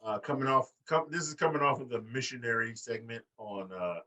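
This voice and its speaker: A man co-hosting a wrestling podcast in casual chat, profane and animated, acting out quotes in high voices. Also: a little fast, far from the mic. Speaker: podcast co-host.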